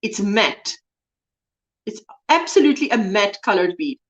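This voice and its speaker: A woman's voice: mid-range voice, sing-song, measured pace, dull audio. A woman hosting a casual livestream, chatting and greeting viewers by name with frequent exclamations. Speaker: livestream host. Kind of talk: casual chat reading comments.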